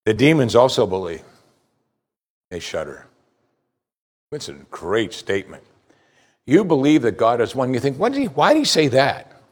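Guy preaching a sermon, punchy, pitch jumps up on the verses and drops for asides. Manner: emphatic preaching, rising for scripture quotes, dropping low for asides. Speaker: pastor.

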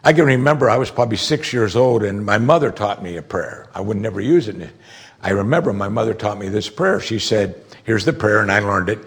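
A pastor preaching a sermon, explaining scripture earnestly and building to emphatic outbursts. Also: male voice, fairly low pitch, lively intonation, a little fast, husky.

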